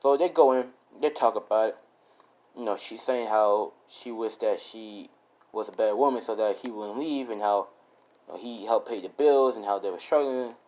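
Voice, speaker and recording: A man casually improvising a fan story out loud, rambling with many fillers and restarts. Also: on the low side, moderate pace, low-quality recording.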